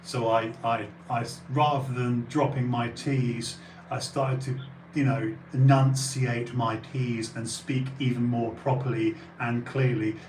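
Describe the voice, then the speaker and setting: A man's voice: medium pitch, level tone, a little slow, a little mellow. An English man hosting a live-streamed talk show, speaking candidly, swearing casually and repeating phrases for emphasis. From England. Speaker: podcast host. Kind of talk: casual conversational interview. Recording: echoey room with faint noise.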